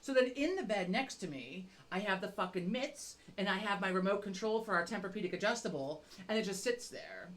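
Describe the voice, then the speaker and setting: A woman's voice: medium pitch, animated, a little fast, few pauses, a bit bright. A middle-aged woman on a podcast, telling a rambling, self-mocking story with constant swearing. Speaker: podcast co-host. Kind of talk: casual chat.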